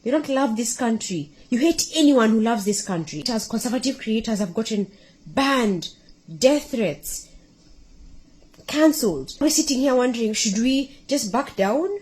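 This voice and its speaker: A woman's voice: fairly high pitch, expressive, unhurried, darkish tone, breathy edge. A woman delivering an impassioned, accusatory political rant to camera as an online creator. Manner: fiery, accusatory, with rising emphatic outbursts. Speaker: content creator.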